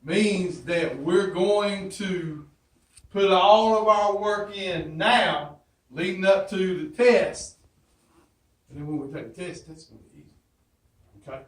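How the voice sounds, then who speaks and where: A man's voice: high-pitched, slow. A man teaching his class, giving an emphatic pep talk with repeated catchphrases and questions to the students. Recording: roomy echo, from far off.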